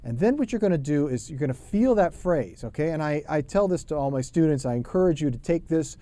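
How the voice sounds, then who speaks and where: A middle-aged man teaching a drum lesson, talking in a relaxed, chatty way and singing rhythm syllables. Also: on the high side, brisk.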